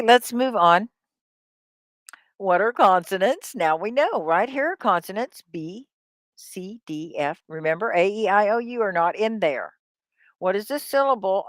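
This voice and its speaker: A woman runs a live-streamed English lesson, and her voice rises and falls in wide, lively swoops. She talks slowly, drawing out sounds to model them, and drops chatty asides to her viewers. The sound is dry and close, as if she is at a desk with a webcam. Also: fairly low pitch, no echo. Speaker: ESL teacher.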